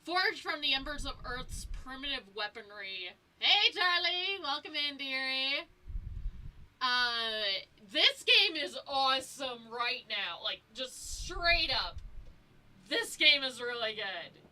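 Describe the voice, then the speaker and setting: A woman's voice: high-pitched, sing-song, slow, bright, forceful tone, low-quality recording. A young woman streaming a game, chatting casually with viewers and reading lore aloud, stumbling over words as she goes.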